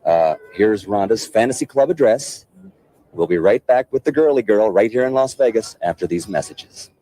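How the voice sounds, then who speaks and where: Brief: teasing man guest, lowish voice that swoops up and down, faint music behind. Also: lively intonation, moderate pace, dark tone, dry recording, low-quality recording. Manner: coy, teasing, playfully evasive. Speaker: celebrity guest, ring announcer. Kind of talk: light banter interview.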